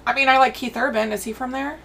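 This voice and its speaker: A woman's voice: sits high, steady tone, quick pace, creaky, bright, forceful tone, far from the mic, slight background noise. A woman co-hosting a true crime podcast, mostly giving short replies in casual chat. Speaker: podcast co-host.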